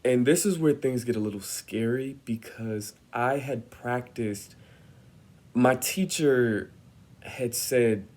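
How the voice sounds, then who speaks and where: A man's voice: mid-range voice, slow pace, a little mellow. A young man telling a personal story in a vlog, acting out the voices of the people he quotes with lots of energy. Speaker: vlogger.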